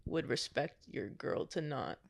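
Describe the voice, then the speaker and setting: A woman's voice: low voice, animated, unhurried, creaky, no room sound. A woman co-hosting a podcast in casual chat, frank and asking pointed questions. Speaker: podcast co-host.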